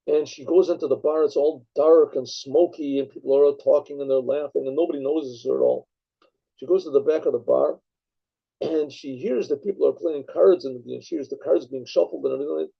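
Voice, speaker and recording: In a gravelly, husky voice that sits fairly high for a man, a rabbi tells a story. He rambles, restarts sentences and clears his throat often, and the recording sounds dull and lo-fi.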